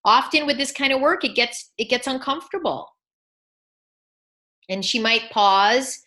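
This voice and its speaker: This is a woman leading a live coaching call over video. Her voice is slightly high and bright. She acts out little dialogues with clients as she teaches. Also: animated, a little slow. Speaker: coaching school founder.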